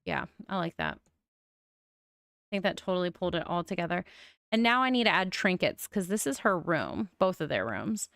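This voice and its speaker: Young adult woman streamer, low gravelly voice, mild lisp, chatty and thinking aloud. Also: big pitch swings, normal speed, a bit bright, no room sound, clean studio sound. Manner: chatty, musing aloud with frequent oohs. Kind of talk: casual game-building commentary.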